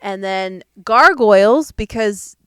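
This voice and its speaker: A woman's voice: medium pitch, animated, takes it slowly, clean tone, no echo, clean studio sound. A young woman co-hosting a podcast, recapping a movie in casual chat, laughing often and full of fillers. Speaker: podcast co-host.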